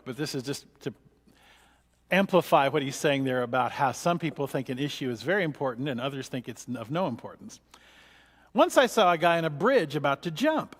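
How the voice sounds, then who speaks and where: Pastor guy teaching a class, kinda high voice, lots of ums, big echoey church hall. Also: lively intonation, a little fast. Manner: rambling and chatty, with many fillers and restarts. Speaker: pastor teaching a book study. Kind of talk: conversational church lesson. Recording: long church-hall reverb.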